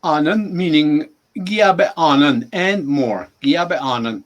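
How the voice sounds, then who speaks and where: A man in his sixties, a language teacher on a podcast, patiently saying each word and repeating it slowly. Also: on the high side. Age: 60s. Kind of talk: teaching words in a podcast chat.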